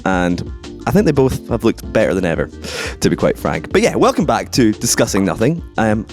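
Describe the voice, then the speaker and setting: A man's voice: lowish voice, a little mellow. A young Scottish man hosting a podcast in a playful, teasing way. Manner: playful, teasing, laughs often. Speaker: podcast host. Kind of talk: casual podcast banter.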